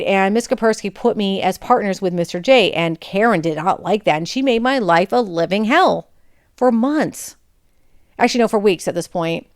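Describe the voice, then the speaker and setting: Candid woman podcaster, smooth voice. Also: medium pitch. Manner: candid, chatty, digressive. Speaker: podcast host. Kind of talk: personal storytelling.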